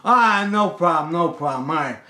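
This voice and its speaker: A man's voice: on the high side, animated, moderate pace, pushed and bright, reverberant. A man putting on the voice of a panicky, fussy wealthy homeowner who turns whiny and hysterical. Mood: fretful.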